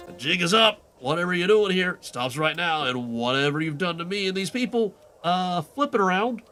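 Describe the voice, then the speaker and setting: A man voicing an exasperated adventurer who keeps correcting another character with deadpan remarks in a game quest fan voice-over. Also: sits high, normal speed, soft background music, heavily acted. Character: exasperated young adventurer, nitpicking and sarcastic.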